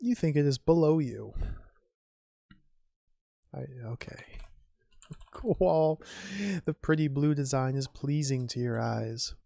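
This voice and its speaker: A streamer muses wryly over an old adventure game, casually reading game text and slowly saying typed commands aloud. The mid-range voice is expressive and mellow with vocal fry, recorded dry.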